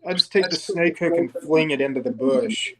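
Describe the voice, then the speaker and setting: A man's voice: fairly high pitch, normal speed, heavy background noise. A laid-back man chatting casually, slangy and peppering his talk with "man" and "dude". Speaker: co-host of snake live stream. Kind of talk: casual chat.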